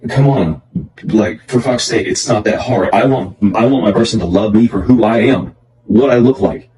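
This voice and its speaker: A man's voice: on the low side, moderate pace, poor audio. A man ranting to camera in a blunt, intense way, swearing heavily. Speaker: dating content creator. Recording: clip with loud background music.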